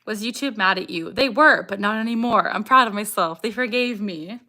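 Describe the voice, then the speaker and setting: A woman's voice: mid-range voice, normal speed, pushed and bright. Bubbly young woman hosting a livestream. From Canada. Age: young adult. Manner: bubbly, chatty, interrupted by vocal tics. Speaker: livestream host. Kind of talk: casual livestream chat, reading comments.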